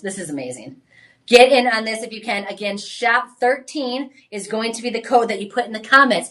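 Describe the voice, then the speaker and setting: A woman hosting a live home-shopping show, pitching jewelry in an enthusiastic, chatty way with frequent exclamations. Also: fairly bright tone. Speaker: shopping channel host.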